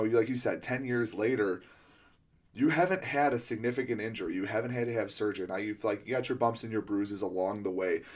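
Male coach-host, lowish voice, rambling casual questions with lots of fillers. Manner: rambling, many restarts and fillers. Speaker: podcast host and throwing coach. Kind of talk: casual interview chat.

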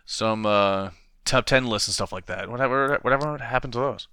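A young man co-hosting a podcast, animated and quick to laugh, with casual swearing in the banter. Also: mid-range voice, smooth, no echo, clean studio sound. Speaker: podcast co-host. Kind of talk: casual chat.

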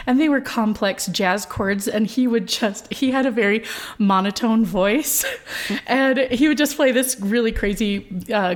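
A woman in her thirties, a voice professor being interviewed, talking chattily with many fillers and easy laughter. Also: mid-range voice. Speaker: voice professor, guest. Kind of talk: conversational interview.

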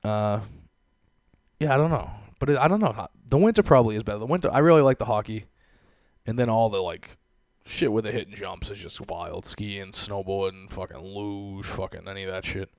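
A man's voice: lowish voice, fairly quick, dry recording. A young man hosting a podcast, ranting in casual, profane chat and laughing often. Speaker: podcast host.

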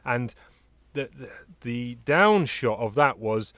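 A man's voice: medium pitch, animated, slow, fairly bright tone, no room sound. A man co-hosting a casual film-review chat, often chiming in with agreement and reading from his notes. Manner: chatty, agreeing fillers, reads out notes. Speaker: podcast co-host reviewing films.

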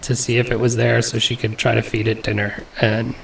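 A man's voice: mid-range voice, flat delivery, fairly quick, gravelly. A young man hosting a podcast, telling a story in casual chat and laughing often. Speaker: podcast host. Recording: distant mic with faint noise and clicks.

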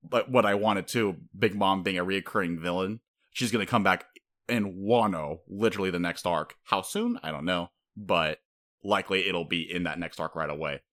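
A man co-hosting a casual chat, excitable and swearing freely, sometimes acting out characters. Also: low voice, normal speed. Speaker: podcast co-host.

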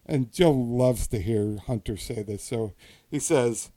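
A man's voice: mid-range voice, takes it slowly, mellow. A man hosting a casual political comedy podcast, telling a rambling story that keeps interrupting itself. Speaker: podcast host.

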